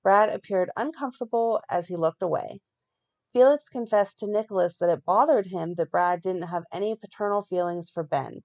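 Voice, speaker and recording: A woman co-hosting a fan podcast, reading a plot recap in a steady run and breaking off now and then to comment. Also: on the low side. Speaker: podcast co-host recapping a soap.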